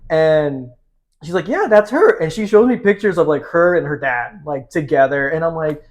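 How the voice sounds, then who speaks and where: A man in his twenties, a podcast guest, telling a story with lively quoted dialogue in casual chat. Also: a little high, normal speed. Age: 20s.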